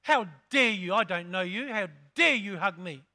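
Guy acting out a touchy offended church lady, snapping, high bright voice. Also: animated, moderate pace, full character voice. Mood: indignant.

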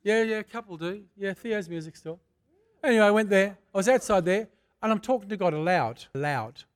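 Fervent older preacher, high voice. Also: male voice, lively intonation, a little fast, clean tone. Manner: fervent, conversational storyteller, gets loud in bursts. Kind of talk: sermon with prayer and personal testimony. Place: church.

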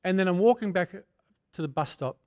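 An older man preaching a sermon, moving from prayer into a personal testimony told in a fervent, conversational way that swells to loud bursts. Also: high-pitched, animated, a little fast. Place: church.

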